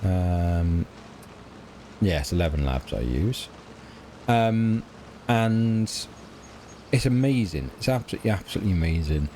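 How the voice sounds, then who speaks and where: A man's voice: deep voice, animated, a little slow, pauses often, warm tone, a little hiss or hum. A middle-aged British man chatting casually and hesitantly while playing a farming game, often trailing off and mocking himself. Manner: rambling, hesitant, self-mocking. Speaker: let's play gamer.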